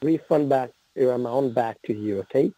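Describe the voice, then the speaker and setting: A man's voice: medium pitch, moderate pace, mellow, no room sound, rough recording. A man on a scripted support call, polite and repetitive, addressing the listener as sir. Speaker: phone scammer.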